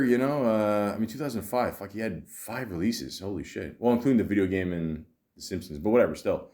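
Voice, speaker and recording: A man's voice: lowish voice, brisk, darkish tone. A man hosting a podcast, chatting casually about films in a rambling way with lots of fillers and the odd swear word. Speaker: podcast host. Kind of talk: casual film-talk podcast chat.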